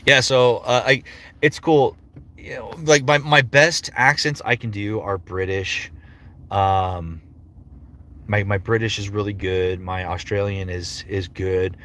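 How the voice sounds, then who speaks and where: A man with a fairly low voice chats casually to his stream viewers, rambling from one thought to the next and often restarting his sentences. He talks from a home streaming setup into a desk mic. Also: level tone, takes it slowly, fairly bright tone. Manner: rambling, self-interrupting. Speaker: voice actor and livestream host. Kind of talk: casual livestream chat.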